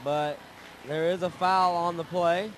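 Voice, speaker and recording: A young man calling a high school girls basketball game, jokey and growing excited on big plays. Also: unhurried, slight background noise, poor audio. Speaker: play-by-play commentator. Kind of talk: sports commentary.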